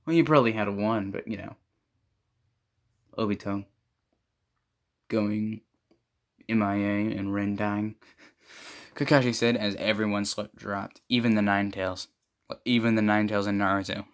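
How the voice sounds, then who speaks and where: A man's voice: lowish voice, fairly even intonation, measured pace, pauses often. A young man casually reading fan fiction aloud, stumbling over words and adding mocking asides.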